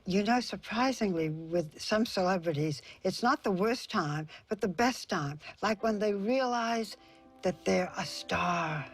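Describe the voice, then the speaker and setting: A woman hosting a TV interview special, asking gentle, probing questions and narrating between clips. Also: medium pitch, expressive, measured pace, slightly rough, soft background music. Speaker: TV interviewer and host.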